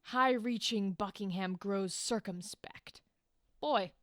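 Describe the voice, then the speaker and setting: A woman reading a scheming male king's lines aloud from a play, slow and deliberate. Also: on the high side, animated, fairly bright tone, clean tone, no room sound, studio quality. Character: scheming male king plotting murders.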